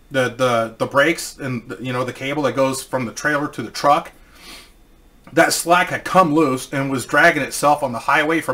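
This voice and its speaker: A man's voice: a little high, bright, forceful tone. A man casually telling a personal story, rambling and swearing, with many restarts.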